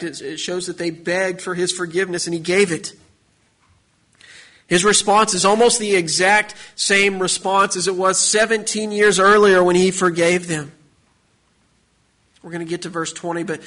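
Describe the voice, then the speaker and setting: A man with a high voice preaches a sermon to his congregation. He builds his points through repeated phrases and rising emphasis. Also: pushed and bright. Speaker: pastor.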